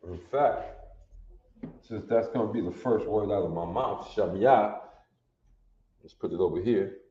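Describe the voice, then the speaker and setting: A man with a lowish voice leads a classroom language lesson at an unhurried, deliberate pace. He keeps repeating phrases and checking that his listeners follow. The recording is roomy and echoey with a dull, lo-fi sound. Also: warm tone. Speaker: language instructor.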